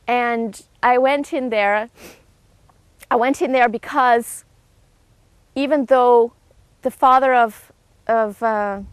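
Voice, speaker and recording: A woman's voice: a bit bright, no echo. A woman giving an earnest, emotional personal testimony, telling her story with frequent restarts. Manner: acts out quoted voices with raised pitch.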